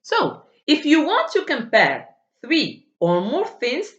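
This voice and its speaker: A woman's voice: high-pitched, huge pitch swings, slow, fairly bright tone, slight background noise. A woman teaching an English grammar lesson, speaking with many hesitations and fillers and drilling word forms aloud. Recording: dull, echoey room.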